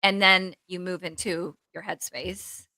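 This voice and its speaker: A bright, forceful woman's voice in a casual podcast chat, rambling and animated, with plenty of "like" as she acts out her own inner voice. She speaks as a therapist, and the sound is close and dry, with no room in it. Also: on the low side, unhurried, dry recording, low-quality recording. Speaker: therapist co-host.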